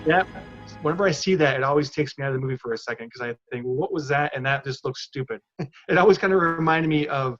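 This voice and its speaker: A man's voice: fairly high pitch, fast, a bit bright, dull audio, faint music behind. A man co-hosting a podcast in a laid-back, casual way, hesitating with many fillers as he talks. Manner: laid-back, hesitant, often says "you know what I mean". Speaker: podcast co-host.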